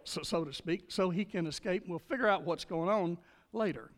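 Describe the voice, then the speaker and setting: A man's voice: high voice, a little fast. An older man preaching a sermon as pastor, retelling scripture with dramatic emphasis. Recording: long reverb of a large hall.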